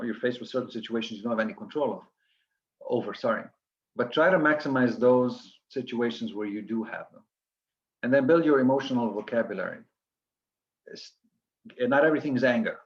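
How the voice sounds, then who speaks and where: A man's voice: medium pitch, dull audio. A man giving an earnest coaching lecture to physicians, listing steps with frequent restarts.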